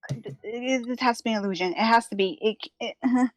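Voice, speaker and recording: A woman's voice: fairly high pitch, fast talker, dry recording, natural voice. A woman doing a shaky, tearful young adventurer. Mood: distraught. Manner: shaky, breaking, near tears.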